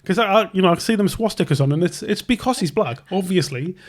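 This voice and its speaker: A young tattoo artist hosting a podcast tells a long story casually, interrupting himself, restarting a lot, and acting out both sides of the conversation. His voice sits high and animated, and he talks fast.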